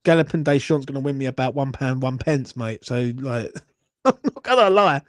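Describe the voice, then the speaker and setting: A man's voice: medium pitch, expressive, normal speed, dry recording, clean studio sound. A young man, hosting a live horse racing watchalong, swearing and grumbling in a rambling way. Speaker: watchalong host.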